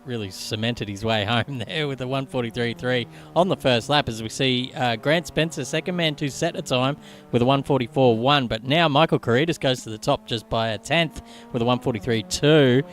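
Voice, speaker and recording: Chatty race commentator man. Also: medium pitch. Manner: chatty, quick, laughs along. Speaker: sim racing commentator.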